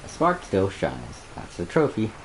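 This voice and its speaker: A man's voice: low-pitched, huge pitch swings, measured pace, background noise. A man casually commenting on a video game as he plays, chatty and laughing easily. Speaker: streamer playing a video game. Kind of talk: casual let's-play commentary. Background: game music.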